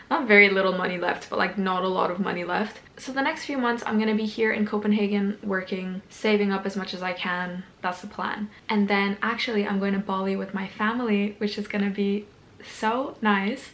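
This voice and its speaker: A woman's voice: medium pitch, a bit bright. A young woman from Denmark, chatting upbeat to camera as a vlogger and saying "like" a lot. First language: Danish. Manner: chatty, upbeat, says "like" often. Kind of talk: casual talk to camera.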